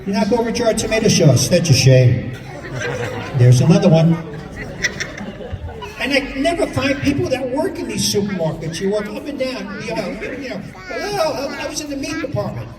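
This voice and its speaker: High-voiced man doing stand-up in a hall. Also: very animated. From New York. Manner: exasperated, acts out people in quick bits. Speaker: stand-up comedian. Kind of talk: stand-up comedy set. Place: stage in a large hall with a live audience. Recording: distant, echoey hall with crowd laughter.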